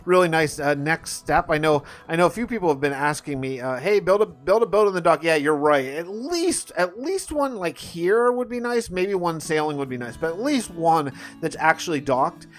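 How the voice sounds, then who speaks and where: Homme enthousiaste qui commente sa partie. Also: male voice, fairly high pitch, animated, moderate pace, hardly any pauses, fairly bright tone. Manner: rambling, repeats words, upbeat. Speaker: gaming channel host. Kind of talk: casual commentary over gameplay.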